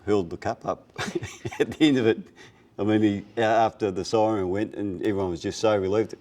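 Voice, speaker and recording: A man's voice: lowish voice, moderate pace, a little mellow. A man, a player's family member, chatting through a football memory. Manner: chatty storytelling. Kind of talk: casual interview.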